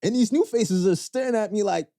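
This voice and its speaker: In a clean, dry studio recording, the Canadian podcast co-host speaks fairly quickly. He spins stories with lots of expression, slipping into deep voices whenever he quotes someone.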